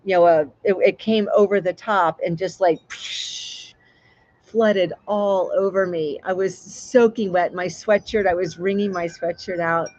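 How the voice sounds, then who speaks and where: A woman's voice: on the low side, steady tone, normal speed, hardly any pauses, no echo. Female livestream host, chatty and rambling, restarts her sentences, slightly lo-fi sound. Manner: chatty, rambling, warm with frequent fillers and restarts. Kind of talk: casual live chat with viewers.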